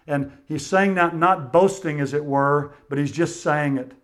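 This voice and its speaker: A man preaching a sermon, earnest and measured, often dropping quietly at the ends of phrases. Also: fairly high pitch, fairly even intonation. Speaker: pastor.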